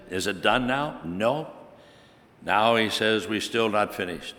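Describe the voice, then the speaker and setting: A man's voice: fairly low pitch, expressive, takes it slowly, pushed and bright, long reverb tail. A man preaching a sermon, telling a personal story with animation and building to emphatic preaching. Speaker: pastor.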